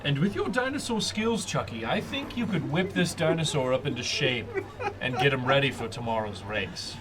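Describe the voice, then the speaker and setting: A man's voice: medium pitch, animated, normal speed, crowd noise, close to an everyday voice. A man voicing an adult male dinosaur-racing patron, a blunt gambler who curses casually and restarts his phrases. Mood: earnest. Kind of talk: game master voicing a character.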